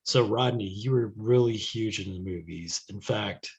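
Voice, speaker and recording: Slow gravelly low-voiced man. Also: highs cut off. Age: young adult. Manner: laid-back, laughs easily. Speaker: podcast co-host. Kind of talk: casual chat.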